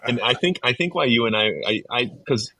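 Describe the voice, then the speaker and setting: A man's voice: mid-range voice, lively intonation, a little fast, bright, forceful tone, no echo, poor audio. A man hosting a podcast, chatting enthusiastically and casually with his guest. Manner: enthusiastic, chatty, says "dude". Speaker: podcast host. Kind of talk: casual conversation.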